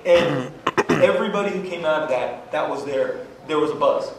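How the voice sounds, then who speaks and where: Animated man telling stories in an echoey hall. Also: fairly quick, a little hiss or hum. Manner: energetic, acts out quotes with sudden high-pitched outbursts. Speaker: comics creator on a convention panel. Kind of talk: animated storytelling on a panel. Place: large convention hall. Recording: echoey hall from far off with crowd.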